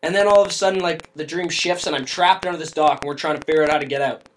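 A man's voice: on the high side, steady tone, fast talker, a little hiss or hum, low-quality recording. A man co-hosting a podcast, telling a rambling, joking story in casual chat. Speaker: podcast co-host.

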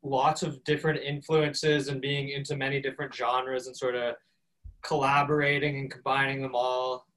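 Flat-voiced man, distant from the mic. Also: mid-range voice. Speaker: band member. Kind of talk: casual interview answer.

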